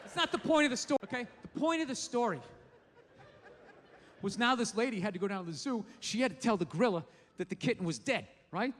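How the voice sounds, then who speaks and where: A male stand-up comedian performing on a club stage, ranting loudly and swearing often. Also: high voice, animated, fast talker. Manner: profane, ranting, loud. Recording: live venue with reverb and audience.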